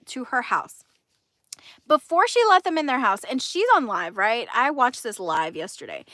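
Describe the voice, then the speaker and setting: A woman's voice: on the high side, fairly bright tone, no room sound, clean studio sound. A woman hosting a livestream, telling gossip in a casual, indignant way and laughing often. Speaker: livestream host.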